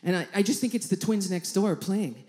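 A brisk, medium-pitched woman comedian spins a comic story in stand-up style. She swears, laughs mid-sentence, and animatedly acts out everyone in the tale.

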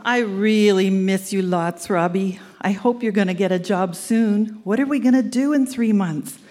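A woman's voice: medium pitch, moderate pace, mellow. A woman in her sixties reading her old love letters aloud on stage, fond and teasing. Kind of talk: reading aloud to a live audience. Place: live event stage.

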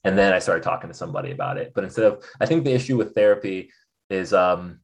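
A young man with a fairly low voice talks openly as a podcast guest. He tells his story with animation and acts out the voices of others as he goes. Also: quick pace. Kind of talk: candid conversational storytelling.

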